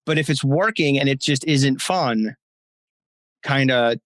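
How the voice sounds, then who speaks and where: A man's voice: medium pitch, unhurried, fairly bright tone, no room sound. A man as a podcast guest, explaining ideas casually and acting out inner voices. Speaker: guest coach. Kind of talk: casual advice chat.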